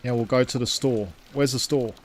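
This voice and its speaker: A man's voice: medium pitch, steady tone, normal speed, a little hiss or hum. Rambling man streaming a game. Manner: rambling, thinks aloud, reads and thanks chat. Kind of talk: casual live-stream chat.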